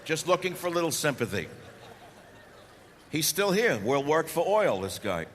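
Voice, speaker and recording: Brief: sarcastic male talk host, very lively pitch, hollering to a crowd in a big reverberant hall. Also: normal speed. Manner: impassioned, sarcastic, shouting at times. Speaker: talk radio host speaking to a live audience. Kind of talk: fiery political speech. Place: large hall before a live audience. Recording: echoey hall with faint background noise.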